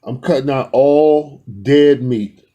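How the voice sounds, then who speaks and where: A man with a husky, somewhat breathy voice and a dark, mellow tone talks loosely to his own camera from indoors. He rambles and speaks to his viewers directly and affectionately, like a spiritual vlogger talking to his regulars. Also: mid-range voice, fairly even intonation, slow pace, muffled recording. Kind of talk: casual talk to camera.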